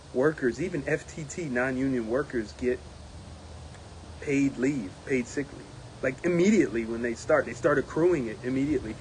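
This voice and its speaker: A man who is a union steward, giving a casual spoken report, animated and laughing often, mimicking others in a raised voice. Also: mid-range voice, a little hiss or hum.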